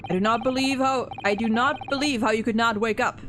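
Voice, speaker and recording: Stern male interrogator voiced by a woman, threatening, fast lines, faint hiss behind. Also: on the high side, steady tone, a bit bright, natural voice. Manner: cold, accusing, reads fast.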